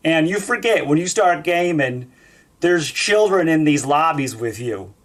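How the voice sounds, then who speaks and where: A man's voice: on the high side, expressive, unhurried. A man doing an easygoing stand-up set over a video call on a gaming headset, chuckling through his jokes. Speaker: stand-up comic.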